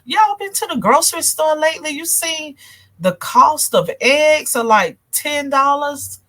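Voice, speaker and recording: A woman's voice: high voice, expressive, unhurried, sharp tone. A woman from North Carolina with a country twang, hosting a casual political talk show and chatting with viewers. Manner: chatty, addresses viewers as y'all, reads comments. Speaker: show host.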